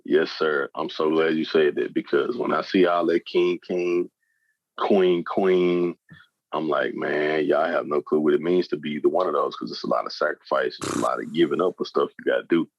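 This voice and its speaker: A man's voice: very deep voice, moderate pace, creaky, no room sound, lo-fi sound. A man co-hosting a podcast, joking around in casual chat and imitating slang greetings. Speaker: podcast co-host.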